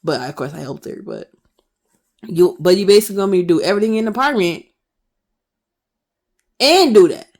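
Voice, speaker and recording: A woman's voice: mid-range voice, expressive, a little fast, long pauses, darkish tone. A woman in her twenties ranting passionately to camera in her vlog, firing off emphatic rhetorical questions. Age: 20s. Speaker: vlogger.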